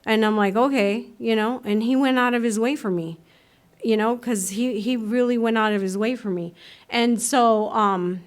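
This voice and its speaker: A woman speaking at a recovery meeting, telling her story in a lively way, acting out voices and laughing often. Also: fairly high pitch, moderate pace. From United States. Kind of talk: personal recovery talk. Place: meeting room.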